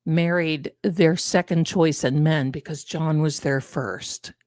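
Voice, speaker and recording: A low-sitting, slightly mellow voice with fairly even intonation belongs to an older woman hosting a live tarot and commentary stream. She speaks slowly, chatting casually and digressing into personal stories, with no echo.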